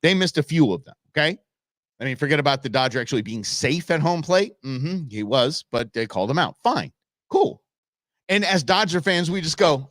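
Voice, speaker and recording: A man's voice: high-pitched, sing-song, normal speed, no room sound, clean studio sound. A middle-aged man from the Los Angeles area hosting a live show, ranting casually and answering his chat. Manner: opinionated, ranting, talks back to chat.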